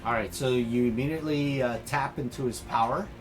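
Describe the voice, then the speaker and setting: Relaxed man running a tabletop game. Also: mid-range voice, a little fast, faint music behind. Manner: relaxed, talks players through rules. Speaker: game master. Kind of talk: running a tabletop game, voicing villains in narration.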